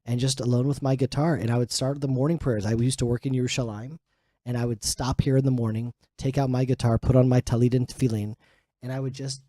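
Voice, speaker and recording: A man's voice: mid-range voice, flat delivery, fast, dark tone, dry recording. A man co-hosting a casual chat, talking earnestly and reflectively. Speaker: co-host. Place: outdoors on a farm in the mountains.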